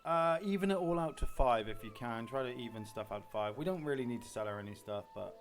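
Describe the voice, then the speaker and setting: A male streamer chatting casually while gaming, retelling a film scene with animated emotion. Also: mid-range voice, quick pace, over music.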